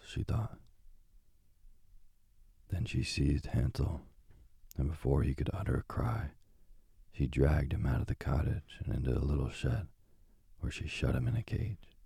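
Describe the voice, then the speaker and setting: A man reading a fairy tale aloud in a hushed, dramatic storytelling manner. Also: extremely low pitch, a little slow, vocal fry, pauses often, slightly rough, dry recording, studio quality.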